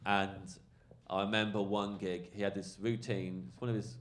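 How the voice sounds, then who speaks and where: A male comedian telling a rambling, animated anecdote on a podcast, full of fillers. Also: lowish voice, moderate pace. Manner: rambling, animated storytelling, lots of fillers and swearing. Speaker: comedian guest.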